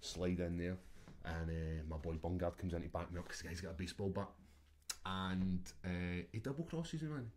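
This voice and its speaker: A Scottish man with a fairly low voice, chatting as a guest on a podcast. He tells his stories in an animated, laughing way and swears freely. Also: moderate pace. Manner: animated, swearing storyteller who laughs often. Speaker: guest, mixed martial arts fighter. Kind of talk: casual chat.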